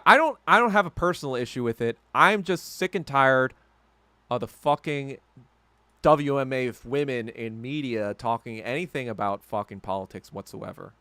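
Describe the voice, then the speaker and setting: Man, podcast host, solo rant, swearing a lot, bright crisp tone, dry close sound. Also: dry recording. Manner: profane, heated ranting; swings from low muttering to loud outbursts.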